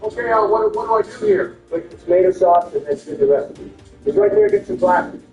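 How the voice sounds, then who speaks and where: High-voiced man bickering in crude impressions. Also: huge pitch swings, brisk, gravelly, darkish tone. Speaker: gameplay commentator. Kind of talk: comedic game commentary. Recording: roomy, distant, muffled, with music.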